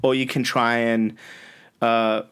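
A man's voice: medium pitch, little pitch movement, slow pace, a bit bright, clean tone. An Australian man in his thirties, a radio host telling rambling anecdotes as a podcast guest, often laughing mid-sentence. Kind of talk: casual storytelling interview. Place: studio.

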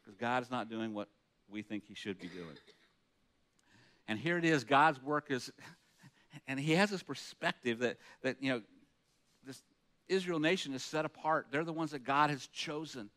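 In an earnest, conversational sermon, a man reads scripture aloud between comments and asks the room rhetorical questions. He's a pastor with a mid-range, somewhat bright voice, speaking at a moderate pace with long pauses.

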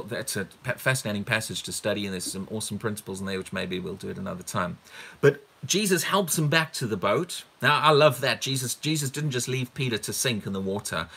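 Emphatic preacher man with a bright voice. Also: mid-range voice, breathy edge. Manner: emphatic, repeats words for stress, asks rhetorical questions. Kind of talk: teaching sermon on a Bible passage.

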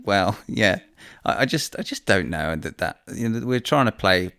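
A deep-voiced British man co-hosts a relaxed chat. His voice is gravelly yet smooth. He muses aloud, often hesitating and starting over, and sounds close and dry. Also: normal speed, no room sound. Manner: musing, hesitant, with restarts. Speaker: podcast co-host, professional golfer. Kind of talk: casual chat.

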